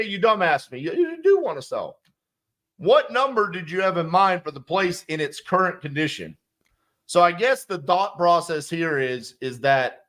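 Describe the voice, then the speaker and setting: On the high side and fairly bright, a male sales coach's voice walks through a calling script. His commentary is blunt, emphatic and a bit profane, and he acts out both sides of the phone calls.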